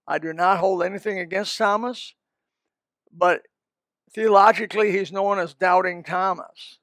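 A man's voice: high voice, fairly even intonation, a little slow, fairly bright tone, no echo. A man preaching a sermon in a folksy, rambling way, with asides and restarts. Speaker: pastor.

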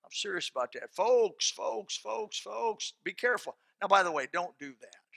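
Bright-voiced, animated male preacher. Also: high voice, normal speed, vocal fry, dry recording. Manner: folksy and animated, bursting into shouts; plain colloquial speech. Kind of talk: sermon with closing prayer.

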